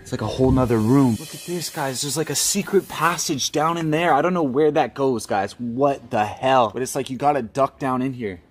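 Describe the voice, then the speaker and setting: A man's voice: medium pitch, normal speed, hardly any pauses, noisy background. A young man hosting a staged horror vlog, frightened and swearing as he talks to his viewers. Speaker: vlogger.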